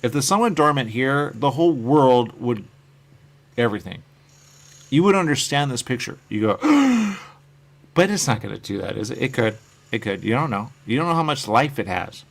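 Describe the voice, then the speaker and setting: Gravelly, rambling man on a live stream. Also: medium pitch, expressive, brisk. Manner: musing and meandering, trailing off quietly at phrase ends; reads out and answers viewer comments. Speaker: host of a live stream talking about his comic covers.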